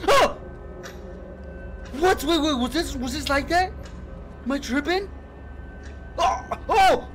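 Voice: high voice, expressive, slow pace, pauses often. Jumpy swearing horror game streamer. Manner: jumpy, swearing, shouting in fright. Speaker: gaming streamer. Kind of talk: horror gameplay commentary. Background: game music.

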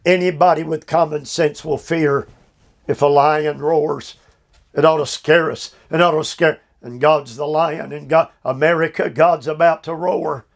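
Older man, gravelly, slightly high voice, slow emphatic sermon, Bible teaching at home. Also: steady tone. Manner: slow, emphatic, drawn-out phrasing with repeated fillers. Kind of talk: verse-by-verse Bible study sermon. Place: his home.

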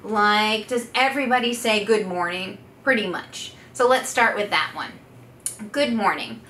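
In an instructional demo, a woman with a medium-pitched, slightly slow voice guides listeners through vocal exercises as a voice therapist, belting out sustained vowels to show each one. The room echoes, with faint noise behind her.

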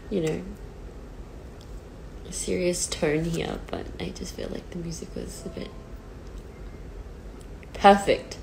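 A woman's voice: fairly low pitch, wildly swooping pitch, takes it slowly, creaky, pauses often, faint music behind, low-quality recording. A woman in her twenties talking on a phone livestream, nervous and near tears, hesitant and self-deprecating, with many fillers. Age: 20s. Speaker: pop singer on a livestream. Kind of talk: casual livestream chat. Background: sad song playing faintly.

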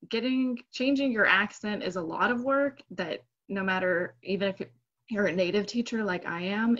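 A woman English teacher on a discussion panel, giving measured, reassuring advice. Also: fairly low pitch, fairly bright tone. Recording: dull lo-fi sound.

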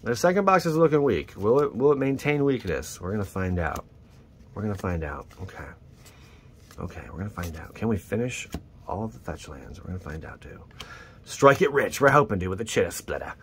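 A man hosting his channel, chatting casually and excitedly to viewers as he opens trading card packs. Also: deep voice, brisk, a little hiss or hum. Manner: excitable, rambling, talks to viewers. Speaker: channel host. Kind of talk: casual card-opening commentary.

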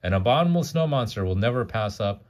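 A bold, quick-thinking prospector from a picture book, voiced by a man reading aloud. His voice is low, and he gives his orders with urgency. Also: expressive, a little mellow, lightly acted. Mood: urgent. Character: clever bold male prospector. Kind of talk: bedtime storybook reading.

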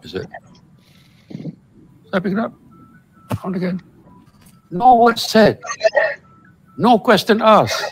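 A man with a higher, very lively voice tells a school story with dramatic flair. Faint music plays behind him. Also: slow pace, pauses often, low-quality recording. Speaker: college alumnus.

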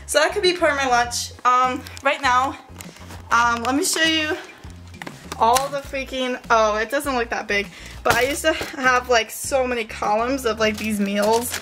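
A young woman rambles cheerfully to her camera in her bedroom, her voice sitting a little high. She is slightly out of breath and full of fillers and laughs, with faint music underneath. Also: measured pace, bright, forceful tone. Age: young adult. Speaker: vlogger. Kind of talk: chatty vlog.

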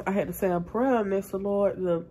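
A woman's voice: medium pitch, fairly even intonation, normal speed, darkish tone, a little hiss or hum. A woman, sick and coughing, complaining in a casual, drawling vlog to camera. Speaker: vlogger.

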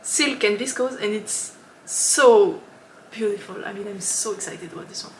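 A woman's voice: medium pitch, moderate pace, echoey room, slight background noise. Giggly, chatty woman podcast host. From lives in Switzerland. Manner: chatty and giggly, with frequent ums and laughs. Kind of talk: casual podcast chat.

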